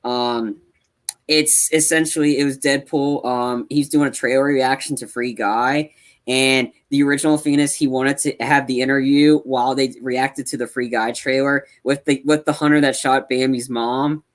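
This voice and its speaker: A man co-hosting a casual movie podcast, rambling and excitable, with many restarts. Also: mid-range voice, moderate pace. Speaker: podcast co-host.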